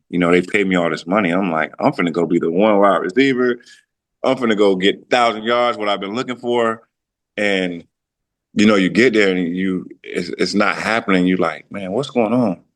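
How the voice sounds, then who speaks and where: A man's voice: low-pitched, fairly bright tone. A man in his thirties, a podcast guest, talking loosely about his career, with frequent restarts and his own thoughts quoted aloud. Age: 30s. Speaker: podcast guest, former pro football player. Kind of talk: casual reflective storytelling.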